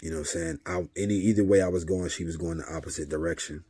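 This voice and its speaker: A man speaks straight to camera in an easy, talkative way, sharing spiritual advice drawn from his life as a father. His voice sits low with a husky edge. The sound is close and dry, with no room echo. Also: steady tone, quick pace, warm tone. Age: adult father of several children. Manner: conversational, often repeats a filler tag and acts out dialogue. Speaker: vlogger giving spiritual advice. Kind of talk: casual spiritual talk monologue.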